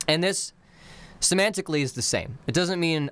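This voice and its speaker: On a live stream, a man with a mid-range, fairly bright voice teaches his constructed language. He goes slowly, explaining each phrase by breaking it down into its literal word-by-word meaning.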